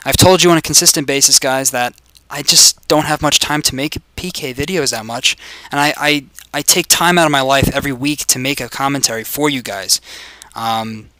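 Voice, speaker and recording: A young man giving casual gameplay commentary, swearing and joking, swinging between loud excitement and mumbling asides. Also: medium pitch, normal speed, no echo, low-quality recording. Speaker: video game commentator.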